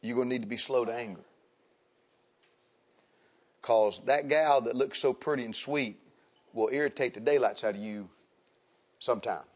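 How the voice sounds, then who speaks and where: A man's voice: normal speed, pauses often. A man preaching a folksy sermon, acting out the people in his stories. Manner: folksy, animated, acts out quoted people in high voices. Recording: dull lo-fi recording.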